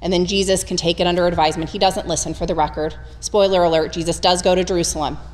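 A woman preaching a conversational, humorous sermon, retelling scripture with animated storytelling. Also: on the low side, fast, long reverb tail.

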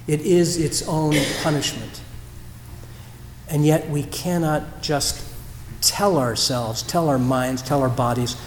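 A male pastor delivers a reflective sermon in a slightly higher voice, pausing and restarting as he tells a story. His words ring out with long reverb across a large church hall, and faint ambience sits behind him. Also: fairly even intonation, a little hiss or hum. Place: church sanctuary. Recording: roomy church hall echo.

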